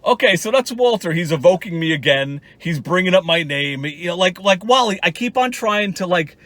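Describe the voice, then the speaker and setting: A man's voice: high-pitched, lively intonation, normal speed, a bit bright, dry recording. A man ranting in a mocking, profane commentary with lots of restarts. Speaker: YouTube commentator.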